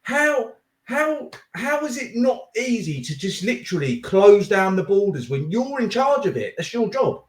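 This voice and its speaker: A man's voice: high-pitched, very animated, a little slow, hardly any pauses. A man hosting a casual political chat, heated and blunt, swearing and saying mate often. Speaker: podcast host. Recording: echoey room.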